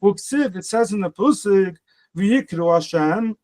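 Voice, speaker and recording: A man's voice: sits high, expressive, a little slow, a little mellow. A man. He works phrase by phrase, translating and repeating himself as he goes, then explains with everyday examples. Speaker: Talmud teacher. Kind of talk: casual Gemara lesson.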